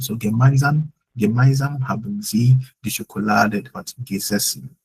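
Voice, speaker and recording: A man's voice: fairly low pitch, brisk, darkish tone, slight background noise, poor audio. A man teaching German in a live online lesson, explaining patiently with lots of "like" fillers.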